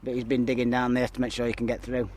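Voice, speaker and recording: A man's voice: medium pitch, completely flat delivery, fast talker, a little mellow, a little hiss or hum. Breathless man vlogging by a pond. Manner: rambling, chatty, lots of uh and so. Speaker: fishing vlogger. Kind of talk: casual vlog talk to camera. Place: outdoors by a pond.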